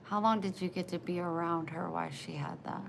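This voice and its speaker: Soft-spoken, tender woman chatting live. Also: lowish voice, steady tone, a little fast, vocal fry, noisy background. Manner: tender, emotional and rambling. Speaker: livestreamer chatting with viewers. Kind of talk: casual live chat.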